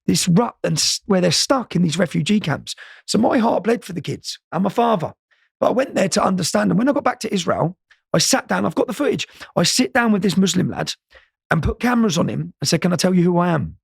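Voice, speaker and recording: A man's voice: high voice, vocal fry, slightly rough, no echo, clean studio sound. A man, an interview guest, telling stories casually with many repeated words and "yeah?" tags.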